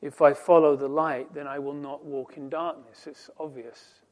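A man preaching a sermon, quoting scripture slowly and deliberately, swinging between soft, dropped phrases and loud, emphatic rising lines. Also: fairly high pitch, little pitch movement. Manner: slow, deliberate delivery with scripture quotes.

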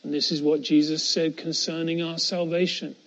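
Male preacher, high pitch, earnest sermon delivery with hushed emphasis, muffled recording. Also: little pitch movement, moderate pace. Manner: earnest, builds to emphatic repetition; drops to a hushed voice on key phrases.

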